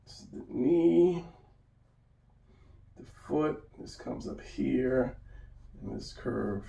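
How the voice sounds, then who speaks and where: A man's voice: medium pitch, very slow, vocal fry, warm tone, roomy sound, far from the mic. A man giving an unscripted drawing lesson, rambling and correcting himself as he sketches. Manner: rambling, self-correcting, talks while drawing. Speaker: drawing instructor.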